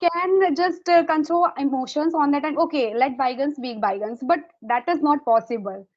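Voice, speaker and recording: A woman's voice: high voice, moderate pace, muffled recording. A woman in a casual English practice conversation, asking questions hesitantly with many fillers and restarts.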